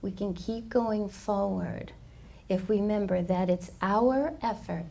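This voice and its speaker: Gravelly woman telling a spiritual parable. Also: medium pitch, measured pace, a little hiss or hum. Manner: animated storyteller, many fillers. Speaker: co-host, spiritual teacher. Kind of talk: storytelling parable talk. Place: yoga studio.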